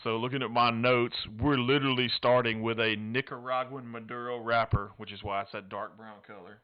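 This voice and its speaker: A man's voice: mid-range voice, steady tone, fairly quick, clean tone. A man co-hosting a casual chat show, playfully reviewing a cigar and a whisky and tossing in joking Spanish phrases. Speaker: podcast co-host. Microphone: headphones and studio mic. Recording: slightly dull lo-fi audio.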